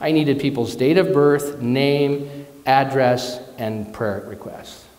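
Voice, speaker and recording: In a church or spiritual centre hall with long, echoing reverb, a male minister delivers a conversational sermon. His voice is medium-pitched, slow and a little mellow, and he speaks candidly and personally, telling stories with self-deprecating asides.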